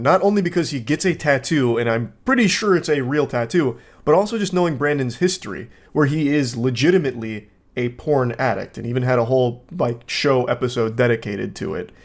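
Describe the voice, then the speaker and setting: A man giving casual video commentary in a dry, sarcastic manner. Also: medium pitch.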